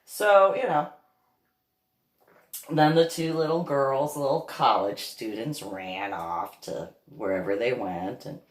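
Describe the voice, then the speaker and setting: A woman's voice: rumbling low, takes it slowly. A woman from New Jersey talking casually to her viewers, rambling through stories and often breaking into laughter. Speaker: vlogger, reverend. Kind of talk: casual monologue. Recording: roomy echo.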